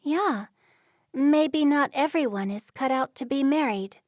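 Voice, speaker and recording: A woman's voice: sits high, unhurried, no echo, studio quality, voice pushed up. A woman voicing a reserved, stubborn young Amish woman in a storybook reading, speaking plainly. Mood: defensive.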